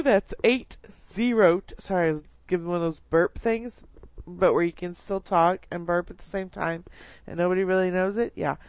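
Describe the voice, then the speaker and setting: A woman's voice: mid-range voice, dry recording. A woman hosting an internet radio show, chatting in a playful, giggly way. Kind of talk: casual radio banter.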